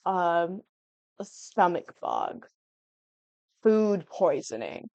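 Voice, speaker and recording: A woman's voice: lowish voice, wildly swooping pitch, drawn-out words, darkish tone, no room sound. A 19-year-old woman chatting casually at home over gameplay, rambling and giggly, jumping from thought to thought. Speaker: gaming YouTuber. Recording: dull lo-fi dry sound.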